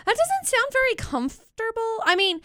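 A woman co-hosting a radio show, telling animated stories and laughing often. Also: extremely high pitch, moderate pace, no room sound, studio quality. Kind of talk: casual radio banter and anecdote. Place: radio studio.

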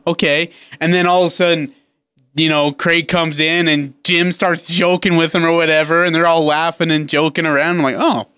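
A man's voice: on the high side, no room sound. A male sports radio co-host telling stories in casual chat, laughing often and acting out quotes. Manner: animated storyteller, laughs often, acts out quotes.

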